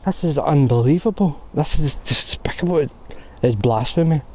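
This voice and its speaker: A man's voice: on the high side, normal speed, darkish tone. A man vlogging in a graveyard, ranting in outrage and swearing. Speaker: paranormal vlogger. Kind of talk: outdoor vlog monologue. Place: graveyard outdoors.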